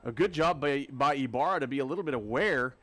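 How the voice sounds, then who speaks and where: This is a play-by-play announcer with a Texan accent calling a live high school football game, his delivery turning rapid and excitable on the big plays.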